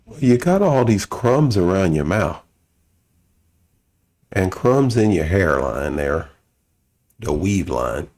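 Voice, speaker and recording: A man giving sarcastic, scolding reaction commentary with a gravelly voice. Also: low-pitched, very animated, slow, long pauses, darkish tone.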